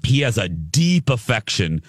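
Male host, lower register, eager storyteller in casual chat. Dry studio sound. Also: big pitch swings, a little slow, no echo. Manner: enthusiastic, gushing storyteller. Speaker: entertainment show host.

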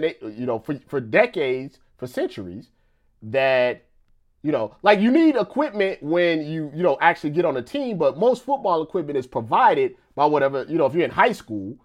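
Rambling man chatting on a live stream. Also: on the high side. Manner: loose and conversational, stacks up "you know" and repeats himself. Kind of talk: casual live-stream chat.

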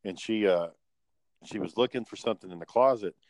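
A man's voice: fairly low pitch, fairly quick, a little mellow, no room sound, low-quality recording. A man chatting casually on a podcast, rambling and swearing, with many fillers. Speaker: podcast co-host. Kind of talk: casual chat.

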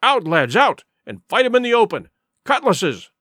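A man's voice: high voice, big pitch swings, moderate pace, bright, forceful tone, dry recording, studio quality, full character voice. A man reading an audiobook, voicing a stern, commanding male sea captain who gives clipped orders. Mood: shouting orders. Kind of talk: audiobook character voice.

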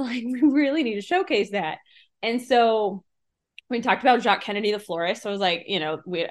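A woman's voice: medium pitch, a bit bright. A woman voice actor casually rambling through a behind-the-scenes story about writing a sketch. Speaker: voice actor and writer.

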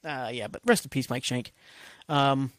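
A man's voice: mid-range voice, moderate pace, a bit bright, no room sound. A man hosting a solo podcast, ranting casually with constant swearing and rambling asides. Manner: profane, rambling, heated. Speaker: podcast host.

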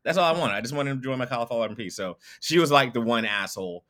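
A man speaking as a podcast guest in casual chat, animated, with lots of fillers and some swearing. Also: medium pitch, fast.

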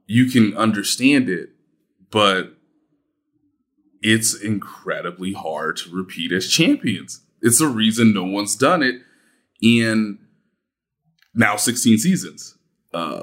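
A man's voice: on the low side, fairly bright tone. A man co-hosting a casual sports talk show, reflective and hesitant with many fillers. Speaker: sports podcast co-host.

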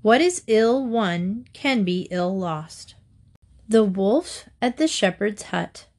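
A woman storyteller reading short fables aloud in a measured, deliberate way. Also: medium pitch, animated, a little mellow.

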